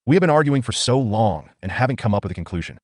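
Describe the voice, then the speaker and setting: A man's voice: mid-range voice, sing-song, quick pace, a little mellow, dry recording, studio quality. A man voicing a scheming jealous female captain.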